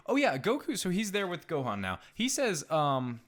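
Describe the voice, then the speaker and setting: A man's voice: on the high side, very animated, moderate pace, fairly bright tone. A man co-hosting a casual podcast, joking and bantering playfully. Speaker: podcast co-host.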